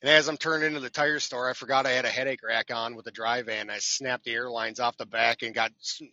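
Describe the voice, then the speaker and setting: A truck driver appears as a guest on a podcast, telling self-deprecating stories in casual chat and acting out the people in them. He's an animated storyteller with a mid-range voice and a quick pace. The recording is dry and lo-fi.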